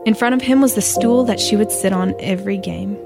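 A woman giving measured, scripted narration for a story program. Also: mid-range voice. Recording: clear music bed behind voice.

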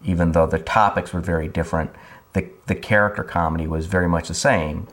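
A man, a writer, speaking in a measured, reflective way in a documentary interview. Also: sits low, steady tone, a bit bright.

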